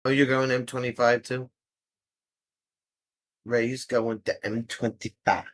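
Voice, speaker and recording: A man's voice: mid-range voice, little pitch movement, takes it slowly, fairly bright tone. A man hosting a casual livestream, chatting with viewers and teasing them playfully. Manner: playful, teasing, jumps from topic to topic. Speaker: livestream host. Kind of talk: casual live chat, answering viewers.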